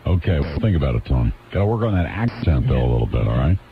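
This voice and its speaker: A man's voice: a bass voice, sing-song, quick pace. A man hosting a casual call-in radio talk show, easygoing and wry, laughing often. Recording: dull lo-fi 1990s radio aircheck with faint hiss.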